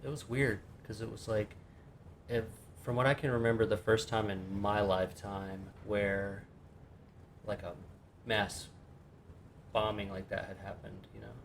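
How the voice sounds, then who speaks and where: A middle-aged man with a lowish, gravelly voice co-hosts a loose podcast, trading puns and rambling through what he remembers. A faint room ambience runs behind him. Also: steady tone, unhurried, long pauses, slight background noise. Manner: joking, wordplay, rambling recollection. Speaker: podcast co-host. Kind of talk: casual chat.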